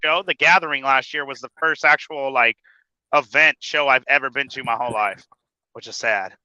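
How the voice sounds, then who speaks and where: A man with a very bright, sharp voice talks casually from behind the wheel of his truck. He swears freely and laughs between lines, and he stammers through his stories. The sound is dull and lo-fi, with a dry close feel. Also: medium pitch, normal speed, no room sound. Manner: profane, laughs often, stammers when telling a story. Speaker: podcast host. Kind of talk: casual chat. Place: truck cab, driving.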